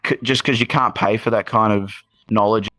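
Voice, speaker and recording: Low-voiced rambling Australian man. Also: fairly even intonation, normal speed, sharp tone, no room sound. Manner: rambling, filler-heavy, frequent restarts. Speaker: guest musician. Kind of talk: casual podcast interview storytelling.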